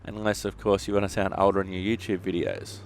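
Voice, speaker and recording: Over slight background noise, an Australian YouTube gaming host plays a bus simulator and answers viewer questions with dry, joking humour. His voice is low, his tone level, and he talks fast.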